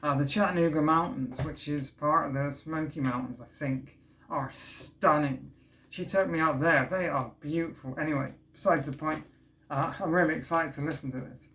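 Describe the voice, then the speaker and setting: Guy chatting away while he unboxes records, keen and rambly, slightly high pitched. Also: fairly even intonation, moderate pace, a bit bright. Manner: chatty and enthusiastic, often trails off and restarts. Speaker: vlog host unboxing vinyl records. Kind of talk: casual unboxing chat. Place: indoors at home, street works outside. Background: faint building work noise from outside.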